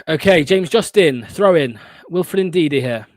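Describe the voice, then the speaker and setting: A man's voice: on the high side, animated, a little slow, no echo. Sarcastic man calling a match live. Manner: sarcastic, blunt and swearing, bursts of frustration. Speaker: fan watchalong host. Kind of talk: live play-by-play fan commentary.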